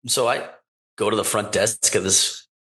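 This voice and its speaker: A man's voice: lowish voice, moderate pace. A man guest on a podcast, a wine importer and company founder, telling anecdotes in casual chat and acting out what people said. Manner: animated anecdote-telling, acting out quoted dialogue. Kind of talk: casual storytelling interview.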